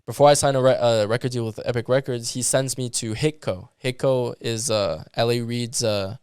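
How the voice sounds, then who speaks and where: A man from Canada, a musician guest, telling a story in casual chat, animated and full of "like". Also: mid-range voice, moderate pace, clear, resonant tone, no echo, clean studio sound. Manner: animated, filler-heavy with lots of "like".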